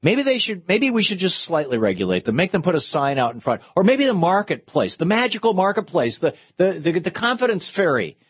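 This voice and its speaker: A husky-voiced male radio host holds forth on politics, mocking his opponents with rising disbelief. His voice sits in a middle pitch, and the sound is dry and a little dull. Faint music plays behind him. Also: fairly quick, hardly any pauses, dry recording. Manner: animated, sarcastic, rising to outrage. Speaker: radio talk show host. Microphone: studio microphone.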